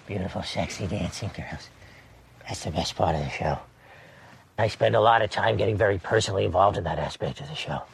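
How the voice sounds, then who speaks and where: Brief: man voicing a sleazy, leering male showman; deep gravelly rasp, smug and drawling. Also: a little fast, heavily acted. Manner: leering, self-satisfied drawl. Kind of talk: improv comedy character.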